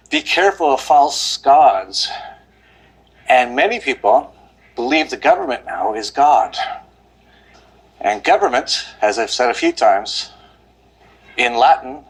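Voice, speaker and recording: A man's voice: mid-range voice, breathy edge, poor audio. A man vlogging outdoors while walking up a steep hill, rambling and out of breath, sighing often. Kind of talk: casual walking monologue.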